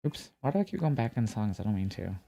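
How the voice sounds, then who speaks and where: A man's voice: lowish voice, very animated, fast, vocal fry, dark tone, no room sound. A man hosting a live reaction stream from home, joking with his chat and talking to his dog. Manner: chatty, jokey, talks to chat and his dog. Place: home room with carpet. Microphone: mic on a stand.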